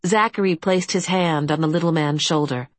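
A woman narrating an audiobook in a steady, even storytelling manner. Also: low voice, normal speed, no echo. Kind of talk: scripted fantasy narration.

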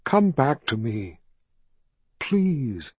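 A man voicing a desperate young man who tries to reach a frightened friend, pleading with urgency and steady reassurance in an audiobook reading. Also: medium pitch, very slow, breathy edge, no echo, full character voice. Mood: calm, soothing. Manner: urgent shouting, then calm and reassuring.

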